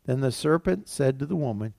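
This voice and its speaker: A man's voice: medium pitch, expressive, brisk, creaky, a little mellow, no echo, studio quality. A man, a pastor, preaching a sermon and acting out the voices of temptation as he goes. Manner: preaching with acted quotes of temptation, rising and falling.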